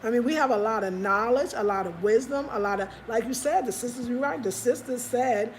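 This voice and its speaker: A woman's voice: a little high, normal speed, a little hiss or hum. A woman vlogging in casual chat, rambling and emphatic. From United States.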